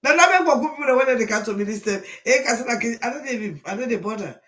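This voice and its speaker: A woman, hosting a casual live stream and greeting viewers one by one in a rambling way, with sudden loud bursts. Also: a little high, expressive, quick pace.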